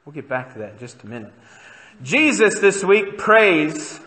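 A man's voice: sits high, very animated, moderate pace, bright, forceful tone, in a large hall. A man preaching a sermon as pastor, in a conversational way that keeps putting questions to the congregation. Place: church sanctuary.

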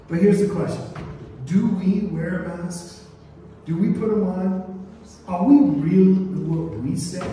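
Preacher in an echoey church hall. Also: male voice, high voice, warm tone, distant mic, slight background noise. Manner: call-and-response preaching, asks the congregation to repeat phrases; sings a line playfully. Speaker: pastor. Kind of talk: sermon. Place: church sanctuary.

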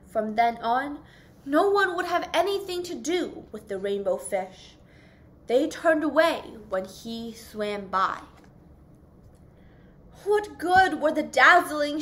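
A young woman reading a children's picture book aloud in a slow, expressive, sing-song storytelling voice. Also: high-pitched. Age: young adult. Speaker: youth volunteer reading aloud.

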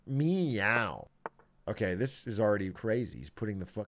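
A man streaming chess games, excitable and self-mocking, swearing often. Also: on the low side, fairly quick, slight background noise. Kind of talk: live-stream chess commentary.

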